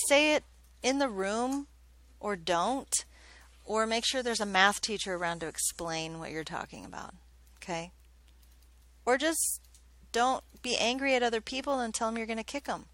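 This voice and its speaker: A woman's voice: on the high side, moderate pace, long pauses, fairly bright tone, no room sound. A woman math teacher giving a classroom lesson, chatty and joking, often checking in with questions.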